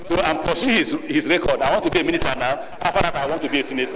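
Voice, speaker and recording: A middle-aged man from Nigeria with a Nigerian accent, a nominee answering questions at a formal hearing in a deliberate, measured way and mixing in stories. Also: on the high side, crowd noise. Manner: deliberate, measured, with storytelling asides. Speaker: ministerial nominee before a senate. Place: large legislative chamber. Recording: long reverb of a large chamber.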